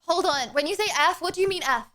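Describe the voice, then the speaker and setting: A woman's voice: extremely high pitch, animated, fast talker, pushed and bright, slight background noise. A young woman streaming live from home, chatting casually and laughing as she fumbles through technical problems. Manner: flustered, exclaiming, laughing through tech trouble.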